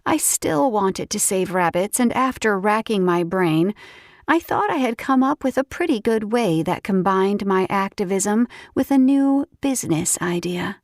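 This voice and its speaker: A woman narrates a first-person romance audiobook with lively, expressive delivery. Her voice sits at an average pitch for a woman. The recording is close and dry, with no room echo. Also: a little slow.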